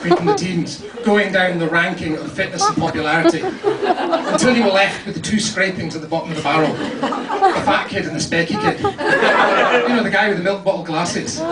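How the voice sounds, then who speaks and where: A young man from Scotland with a partly English accent, telling wry, self-deprecating stand-up stories in a comedy club. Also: sits high. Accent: English with some Scottish. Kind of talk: stand-up set. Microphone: pocket camera in the audience. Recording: roomy, distant club recording with crowd noise. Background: audience laughter.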